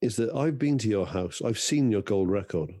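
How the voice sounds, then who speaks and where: A man with a low, mellow voice, dry and teasing as he co-hosts a casual podcast chat. The sound is close and dry, with no room around it. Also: lively intonation, normal speed, no echo. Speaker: podcast co-host. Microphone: video call.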